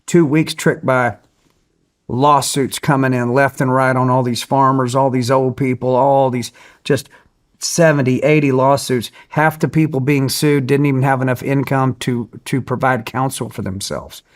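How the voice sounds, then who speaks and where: A man guest telling a story in casual conversation, animated and acting out the people he quotes. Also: medium pitch, normal speed. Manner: animated, acts out quoted voices.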